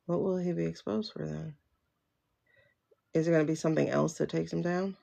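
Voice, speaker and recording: Her voice is deep, warm and creaky, moving a little fast with fairly even intonation. As a livestream tarot host she chats casually, voicing questions and answering them herself, and she speaks in a slangy, familiar way, calling viewers child, girl, boo.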